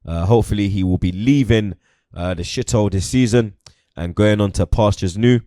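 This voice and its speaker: A man's voice: lowish voice, normal speed, warm tone, no echo, clean studio sound. A young man chatting casually about football as host, peppering his talk with slang like "you get me" and "blood".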